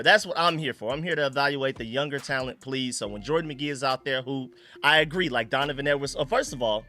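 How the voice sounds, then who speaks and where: A man hosting a casual sports fan live stream, excitable and slangy, greeting chat viewers by name. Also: medium pitch, quick pace, few pauses, soft background music.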